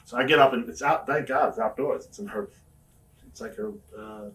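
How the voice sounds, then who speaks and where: Male guest, fast foul-mouthed storyteller, mic set back from him. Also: mid-range voice, fairly bright tone, distant mic. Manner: profane, laughing anecdote telling. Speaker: wrestler guest. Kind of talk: storytelling shoot interview.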